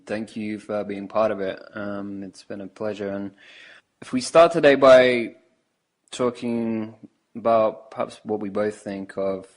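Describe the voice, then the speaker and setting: A man's voice: lowish voice, steady tone, a little slow. A man with an English accent hosting a podcast, talking casually and hesitantly, often restarting his questions. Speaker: podcast host.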